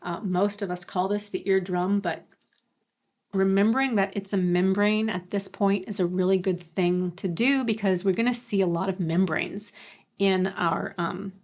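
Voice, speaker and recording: A woman's voice: mid-range voice, fairly even intonation, normal speed, darkish tone. Woman, university lecturer, explanatory delivery full of fillers and restarts, mid-range voice, slightly muffled recording. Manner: explanatory, with frequent fillers and self-corrections.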